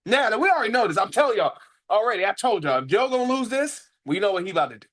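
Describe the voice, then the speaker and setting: Rapid-fire and lively in intonation, a man with a high, slightly bright voice co-hosts a casual wrestling review podcast. He's excited and playful, often repeating phrases for emphasis.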